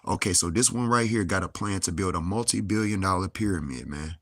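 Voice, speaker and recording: A young adult male vlogger speaks in a low voice at a brisk clip, ranting angrily to camera with heavy cursing and rhetorical questions. Slight background noise can be heard.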